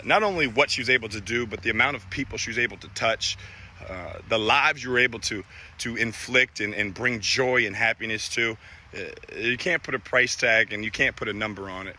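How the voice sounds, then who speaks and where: A man in his thirties, a father giving a heartfelt recorded message, halting and emotional, with many fillers and restarts. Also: mid-range voice, bright, forceful tone.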